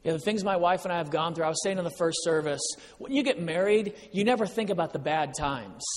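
Guest preacher, male, high pitch, animated storyteller, reverberant church hall. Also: brisk. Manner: animated storyteller, acts out dialogue. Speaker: guest speaker. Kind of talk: sermon with personal stories.

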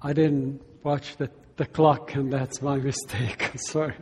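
A man giving a testimony as a sermon, telling his story and acting out the dialogue with lively energy. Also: medium pitch, measured pace, breathy edge. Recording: long hall reverb.

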